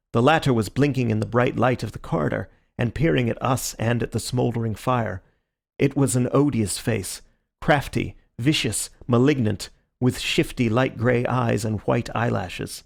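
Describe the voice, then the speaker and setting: A man reading a classic detective story aloud as an audiobook narrator, in a steady storytelling manner. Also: medium pitch, moderate pace, gravelly. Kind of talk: scripted narration.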